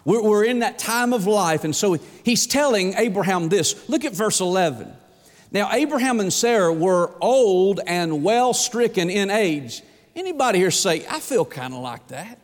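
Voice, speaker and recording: A man's voice: high voice, animated, moderate pace. A man preaching a sermon as pastor, folksy and emphatic, asking the congregation rhetorical questions. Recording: echoey hall reverb.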